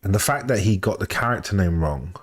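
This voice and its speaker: Man, very low voice, casual stream chat, dry anecdotes. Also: lively intonation, a little fast, husky.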